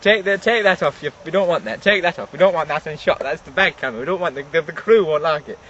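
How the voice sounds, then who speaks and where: A man's voice: fairly high pitch, fast, a bit bright. A young man presenting a goofy improvised comedy sketch, giggly and stumbling over his words. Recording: noisy lo-fi outdoor camcorder.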